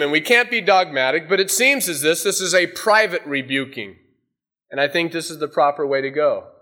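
A male pastor delivers a sermon with a bright, forward tone that sits a little high for a man. He moves between animated storytelling and hushed, intense emphasis.

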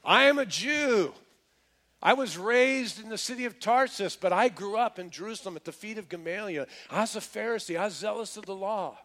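A man's voice: high voice, a little fast, a bit bright, voice pushed up. A man preaching a sermon, voicing an earnest apostle who testifies about his past to a crowd. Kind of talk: sermon storytelling.

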